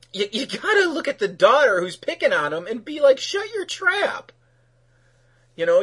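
Husky opinionated man reviewing a show. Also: fairly high pitch. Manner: opinionated, animated, acts out characters' lines. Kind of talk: casual review chat.

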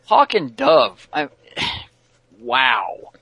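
Podcast co-host, man, bright tense voice, dry close sound, opinionated rant. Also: mid-range voice, huge pitch swings, drawn-out words, breathy edge, dry recording. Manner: exasperated, opinionated. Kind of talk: casual chat, critique.

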